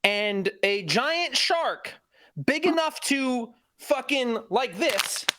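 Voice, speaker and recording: A man swings his pitch widely as he rants with sarcasm about films, cursing freely as a stream co-host. His voice sits dry and close to the mic. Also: slow, dry recording. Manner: animated, swearing, sarcastic. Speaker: podcast co-host. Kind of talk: casual chat about movies.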